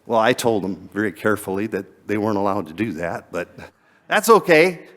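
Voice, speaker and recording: A man's voice: lowish voice, animated, brisk, a bit bright. A male pastor preaching a sermon in a conversational way, chuckling often and repeating words as he goes.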